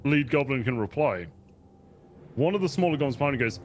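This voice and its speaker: A man's voice: medium pitch, expressive, a little fast, long pauses, soft background music. A man narrating a tabletop game as game master, playful and descriptive, often laughing.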